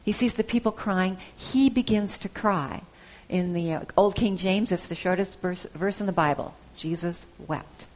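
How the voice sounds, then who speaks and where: A woman preacher giving a sermon, retelling a gospel story with soft pauses and the odd hesitation. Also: lowish voice.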